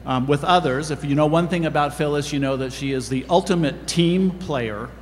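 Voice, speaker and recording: An earnest male presenter reading award citations in a large hall. His fairly high voice carries long reverb, with faint noise in the background. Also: moderate pace. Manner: earnest, formal.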